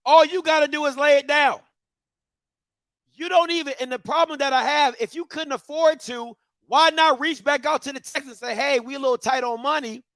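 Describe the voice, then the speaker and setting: A man's voice: very high-pitched, steady tone, normal speed, fairly bright tone, no room sound, clean studio sound. A man hosting a heated commentary rant, firing repeated rhetorical questions at viewers in a preacher-like call-and-response cadence. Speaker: commentary show host.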